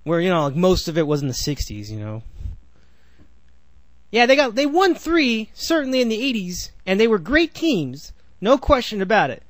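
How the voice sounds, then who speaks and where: A man's voice: sits high, huge pitch swings, normal speed, dry recording. A man in his twenties hosting a solo sports podcast, rambling with sarcastic asides and frequent self-corrections. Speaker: podcast host.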